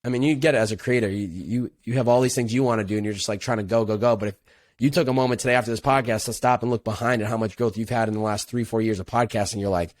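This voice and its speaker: A man's voice: fairly low pitch, steady tone, very fast, no echo. A young adult man, a podcast guest, telling his story in an earnest, reflective way with casual slang. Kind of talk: casual interview conversation.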